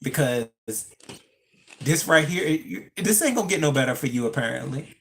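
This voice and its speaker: Creaky voice, middle pitch, chatty livestream commentary on a phone, greets the chat and teases them. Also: expressive, moderate pace. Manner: talks straight to the chat, greets viewers, pitch jumps up when teasing. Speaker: live-stream commentator. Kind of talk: casual live-stream commentary.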